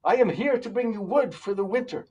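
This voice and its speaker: A man voicing a kindly rabbi disguised as a woodsman, speaking loudly and reassuringly, heard from a distant mic in a hall. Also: high voice, expressive, a little fast, breathy edge, pitched above the performer's own voice. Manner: loud, hearty, reassuring.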